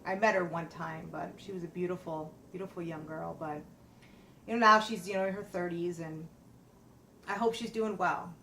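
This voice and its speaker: A middle-aged woman, a personal trainer, telling a personal story in a halting, emotional way with many fillers and restarts. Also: lowish voice, fairly even intonation, sharp tone, a little hiss or hum.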